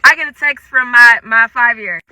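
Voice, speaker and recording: Animated young woman telling a storytime. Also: on the high side, moderate pace, dry recording. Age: young adult. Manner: animated, dramatic, acts out quotes. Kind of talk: casual storytime.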